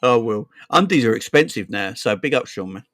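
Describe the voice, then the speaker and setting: A man in his forties with a South London accent, hosting a casual football livestream, rambling and chatty, giving viewers shout-outs. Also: mid-range voice, expressive, fairly quick, no room sound, clean studio sound. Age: 40s. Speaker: football channel host.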